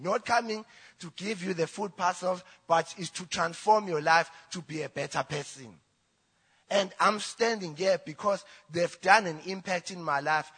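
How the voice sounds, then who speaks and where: A South African man whose first language is Zulu, telling his personal testimony in church in halting English with restarts. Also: a little high, bright, forceful tone, slightly rough. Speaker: church member giving testimony. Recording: reverberant church hall.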